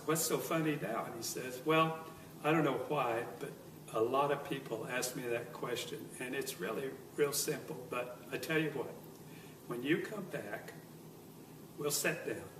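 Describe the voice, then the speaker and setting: An older man recounting a near-death experience, pausing and choking up with emotion. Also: mid-range voice. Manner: choked up, apologizing as emotion overtakes him. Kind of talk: personal testimony. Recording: echoey, distant with noisy background.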